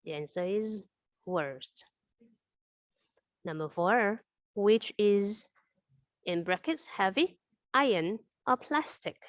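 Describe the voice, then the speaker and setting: A young woman with an Indonesian accent walks through grammar rules at a mid pitch, spelling endings out one letter at a time. The recording is dry and close, with no room sound around her. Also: no echo. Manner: spells out words letter by letter, switches between two languages. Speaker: English teacher. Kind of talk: classroom grammar lesson.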